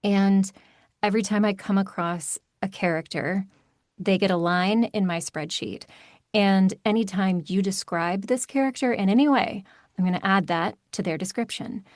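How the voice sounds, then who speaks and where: A woman audiobook narrator talking in a podcast interview, animated and emphatic with quick asides. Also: medium pitch, dry recording, clean studio sound.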